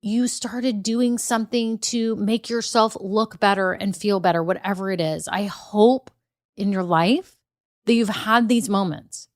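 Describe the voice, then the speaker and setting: A woman's voice: mid-range voice, measured pace, no room sound, clean studio sound. Upbeat chatty woman podcast host. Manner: upbeat, chatty, direct address to listeners. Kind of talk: solo podcast talk. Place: home room upstairs.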